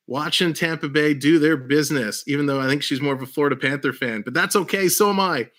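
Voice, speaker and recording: A man's voice: fairly high pitch, quick pace, few pauses, fairly bright tone. A man hosting a livestream in casual chat, upbeat and laughing often. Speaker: livestream host.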